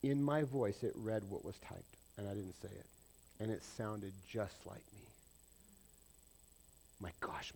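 A man preaching a sermon, swinging between loud, excited points and quiet, confiding asides, often asking the congregation questions. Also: mid-range voice, vocal fry, husky. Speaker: pastor.

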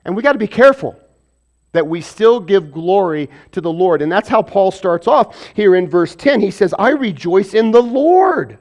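High-voiced male preacher. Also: lively intonation, normal speed, a little mellow. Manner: asks and answers rhetorical questions; acts out biblical and everyday voices. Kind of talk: sermon.

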